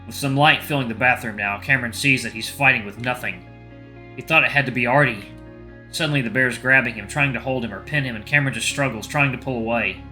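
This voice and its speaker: A male let's play host reading a visual novel aloud with steady storytelling. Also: mid-range voice, quick pace, soft background music.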